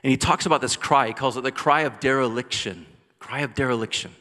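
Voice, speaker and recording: A man preaching a sermon as pastor, rising to intense cries and dropping to soft, quiet lines. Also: medium pitch, a little fast. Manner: passionate preaching, builds to loud cries then drops soft. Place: church sanctuary. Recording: long church hall reverb.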